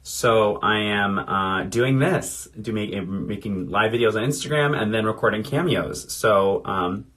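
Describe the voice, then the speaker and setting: Thirtysomething guy chatting on a phone live, reading comments out while doing makeup, lowish voice. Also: unhurried, hardly any pauses, a bit bright. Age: 30s. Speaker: drag performer. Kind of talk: casual livestream chat.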